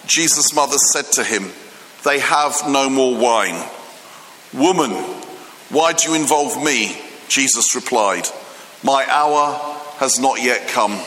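Joking with his congregation and filling his speech with fillers, a man preaches a lighthearted, chatty sermon. His medium-pitched voice is pushed and bright, recorded in a church hall with long, echoey reverb and slight background noise.

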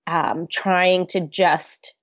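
A woman's voice: lowish voice, steady tone, extremely slow, no room sound. Earnest woman guest, dry dull sound. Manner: open, earnest, talks with many restarts and fillers. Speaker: podcast guest. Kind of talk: candid conversational interview.

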